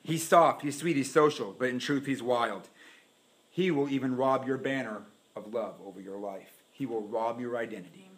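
A man preaching a sermon in a church, animated and dramatic, acting out the voices he quotes. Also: medium pitch, moderate pace.

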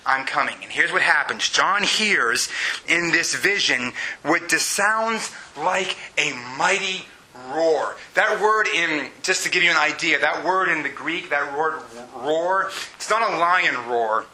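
Pastor, male, 30s; high, bright, animated sermon delivery; roomy church sound. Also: unhurried. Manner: animated preaching with shouted exclamations. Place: church sanctuary. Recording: echoey room with faint hiss.

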